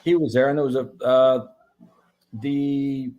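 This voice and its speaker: A man telling his own story as an interview guest, animated and profane, with many restarts. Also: mid-range voice, a little slow, muffled recording.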